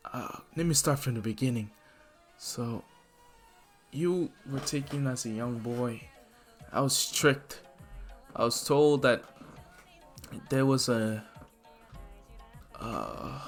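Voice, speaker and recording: A man putting on a tearful mother. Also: medium pitch. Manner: halting, emotional. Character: mother figure, woman, tearful and secretive.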